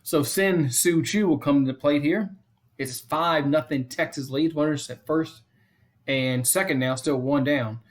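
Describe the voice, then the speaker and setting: Man calling fan play-by-play. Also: unhurried. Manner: repeats the count and score often; chats to viewers between pitches. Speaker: fan stream host. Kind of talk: casual play-by-play commentary.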